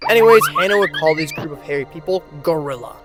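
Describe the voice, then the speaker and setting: Casual higher-voiced man narrating. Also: lively intonation, quick pace, over music. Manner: joking, informal, with asides. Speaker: video essay host. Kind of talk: casual narrated video essay.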